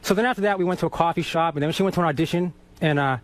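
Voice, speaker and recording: Brief: high, quick-talking man from Boston, animated storyteller, swears and laughs through his anecdotes. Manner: animated, swearing, laughs while telling stories. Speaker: guest musician. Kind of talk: casual storytelling on radio.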